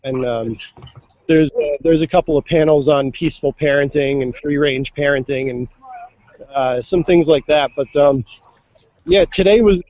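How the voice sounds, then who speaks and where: Here a man reports live from a festival outdoors, phoning into a show with a relaxed, talkative walk-around full of fillers. His pitch leans high and his tone is slightly mellow. The audio is dry and dull.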